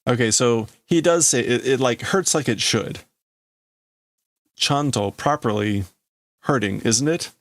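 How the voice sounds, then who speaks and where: A man hosting a livestream, working slowly through a manga translation out loud, halting and stopping often to explain words. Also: lowish voice, no room sound. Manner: slow, halting, stops to explain words and reads lines in a raised voice. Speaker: livestream host. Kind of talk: casual live translation of a manga.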